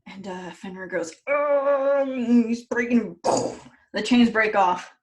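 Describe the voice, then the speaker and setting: A woman's voice: medium pitch, a little slow. A woman podcast host telling a story casually in a loose, jokey way, with fillers and the odd curse.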